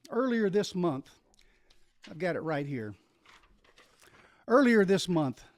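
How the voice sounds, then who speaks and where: Male solo host, emphatic and explanatory, somewhat high voice, dry close sound. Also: no room sound. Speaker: videocast host.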